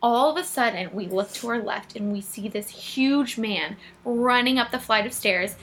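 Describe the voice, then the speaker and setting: Bright high-voiced young woman podcaster. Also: moderate pace, a little hiss or hum. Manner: animated, swearing, acts out quotes. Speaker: podcast co-host. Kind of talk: casual storytelling chat.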